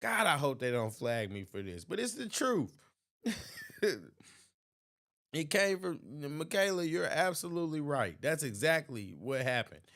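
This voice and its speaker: A man's voice: a little high, very animated, unhurried, a bit bright. A man hosting his channel, giving casual reaction commentary and laughing often between remarks. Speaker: channel host.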